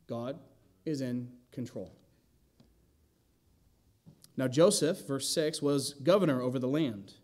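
A man's voice: medium pitch, slow, pauses often, darkish tone. A man preaching an expository sermon in a church, asking the congregation rhetorical questions and adding wry asides. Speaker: pastor. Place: church sanctuary.

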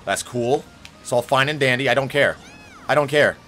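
A young man hosting a gaming video, commenting on a race and swinging from low muttering to shrill, mock-furious yelling. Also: normal speed. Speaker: gaming channel host. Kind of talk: let's-play race commentary. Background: game music.

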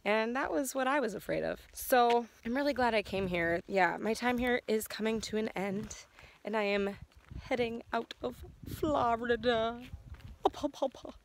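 A woman talking candidly to her phone camera as a travel vlogger, chatty and thinking out loud. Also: on the high side, moderate pace, creaky, slight background noise. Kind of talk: casual vlog talk to camera.

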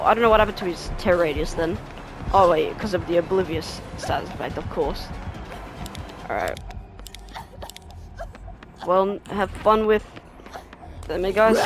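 A young adult gaming creator giving live, reactive commentary over gameplay, with quick exclamations and frequent laughs. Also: mid-range voice. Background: background music.

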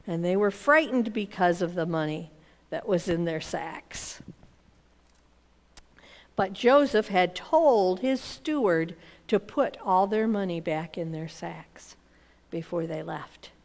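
Slow, storytelling woman teaching kids. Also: lowish voice, in a large hall. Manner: animated storyteller voicing characters' lines. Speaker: children's Bible teacher. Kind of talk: storytelling Bible lesson for kids.

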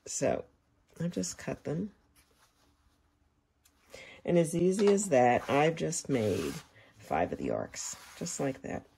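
A woman's voice: deep voice, big pitch swings, slow pace, gravelly, pauses often, warm tone, slight background noise. A woman teaching quilting, chatting casually to viewers as she sews. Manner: chatty, talks to viewers while working. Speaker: quilting instructor. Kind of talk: casual sewing tutorial.

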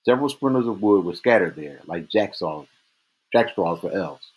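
A man reading a novel aloud in steady first-person narration. His voice is very low and husky, with a breathy edge that stays the same from line to line. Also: normal speed. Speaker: reader.

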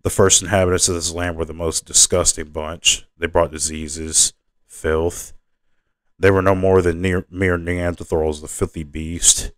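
A haughty young princess who talks down to everyone in a lofty, lecturing way, voiced by a man reading from his novel. The voice stays deep and low, close to his own. It is recorded dry and close. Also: flat delivery, a little slow, dry recording.

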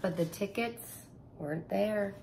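A woman's voice: medium pitch, unhurried, creaky, darkish tone, a little hiss or hum. A woman teacher reading a picture book aloud to children, adding sound effects and asking them questions.

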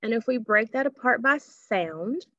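Slow, patient woman teaching phonics. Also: on the high side, lively intonation, pushed and bright, a little hiss or hum. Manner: slow, patient, drawing out sounds and asking questions. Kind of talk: phonics lesson for children. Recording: dull lo-fi recording.

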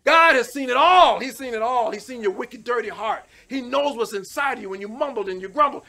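A man preaches a sermon full of fervent, repeated calls to repent, swinging between shouting and hushed pleading. His voice is very high and brisk.

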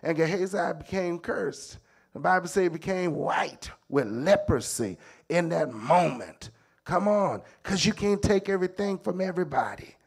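High-voiced emphatic preacher man. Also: expressive, moderate pace, creaky, husky. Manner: emphatic, repeats phrases with call-outs of "come on". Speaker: bishop and preacher. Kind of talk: sermon.

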